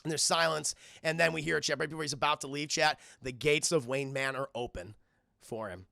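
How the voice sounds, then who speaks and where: A man's voice: a little high, fairly quick, vocal fry, sharp tone, dry recording, clean studio sound. A man casually retelling and reviewing a cartoon episode for his live chat, rambling, swearing and restarting often. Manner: rambling, profane, keeps addressing the chat, frequent restarts.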